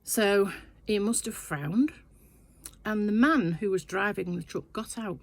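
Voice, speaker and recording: An older woman chats her way through a long anecdote, wandering off into asides as she goes. Her voice has a gravelly edge and sits at a middling pitch. She talks casually from her sewing shed. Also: a little slow, no echo. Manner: chatty, rambling anecdote with asides. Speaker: sewing vlogger. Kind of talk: casual storytelling chat.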